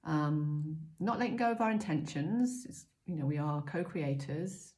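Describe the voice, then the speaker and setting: Low-voiced chatty woman. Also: lively intonation, measured pace. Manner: gentle, chatty, frequent ums, self-mocking asides. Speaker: oracle card reader. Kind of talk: casual spiritual guidance talk.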